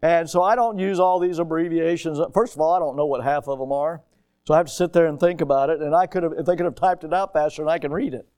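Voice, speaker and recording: A man preaching a sermon, telling stories with sudden loud rises and often repeating his words as he starts a thought. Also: fairly high pitch, fast, clean tone.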